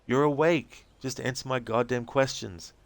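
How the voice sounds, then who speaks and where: A man doing a gruff, impatient federal agent. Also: medium pitch, fairly even intonation, normal speed, no echo, pitched above the performer's own voice, close to an everyday voice. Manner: blunt, pushy, swearing. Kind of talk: reading game transcripts aloud with voices.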